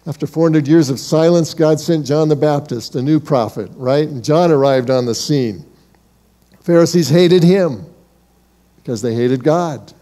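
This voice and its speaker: A pastor delivers a sermon in a fairly high yet warm, mellow voice. He speaks to his congregation with rhetorical questions and addresses them as beloved, pushing some lines hard and dropping others almost to a hush. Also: a little slow. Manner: dynamic delivery, shifting from emphatic to hushed.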